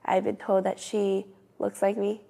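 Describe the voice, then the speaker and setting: A young woman talks to camera in a relaxed vlog. Her voice is gravelly, warm and mellow. Her pitch stays level and flat. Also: a little slow. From Trinidad. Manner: excited, earnest. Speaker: vlogger. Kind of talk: casual vlog narration.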